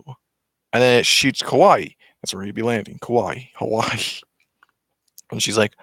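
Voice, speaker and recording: A man retelling a film in a casual, excited, rambling way with many restarts. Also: on the low side, moderate pace, no room sound.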